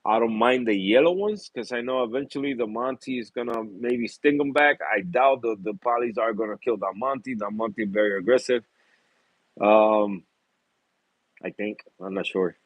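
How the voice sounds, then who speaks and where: A reef tank hobbyist rambles casually in a vlog about his tanks, full of fillers, easy laughs and repeated apologies. His voice is on the low side at a normal speed, with no echo.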